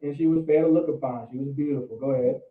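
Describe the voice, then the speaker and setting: A man's voice: medium pitch, quick pace, phone-quality sound. Man, Bible teacher, slangy preaching, repeats himself; distant, echoey, phone-thin audio.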